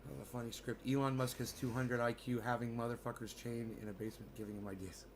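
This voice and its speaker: A man livestreaming and chatting with his viewers, swearing freely and ranting between long filler pauses. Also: mid-range voice, level tone, noisy background. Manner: profane, ranting, full of fillers. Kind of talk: casual livestream chat.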